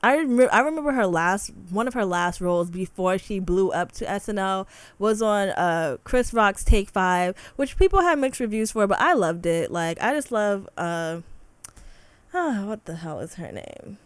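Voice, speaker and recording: A woman's voice: mid-range voice, lively intonation, measured pace, clear, resonant tone, dry recording. A young woman hosting a solo podcast, talking in an impassioned, heated way full of "like" fillers. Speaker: podcast host. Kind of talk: casual solo podcast rant.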